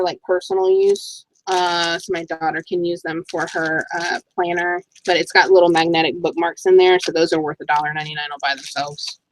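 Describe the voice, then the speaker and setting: A middle-aged woman chatting casually in a thrift haul vlog, excitable and talking to herself as she goes through her finds. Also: lowish voice, a little hiss or hum, poor audio. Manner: chatty, excitable, talks to herself while browsing items. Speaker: thrift reseller vlogger.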